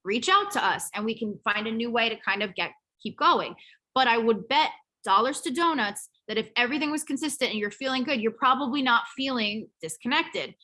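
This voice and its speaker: Bright-voiced woman coaching her group. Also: a little high, expressive, a little fast. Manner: chatty, candid, with fillers. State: losing her voice. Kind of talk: motivational coaching talk.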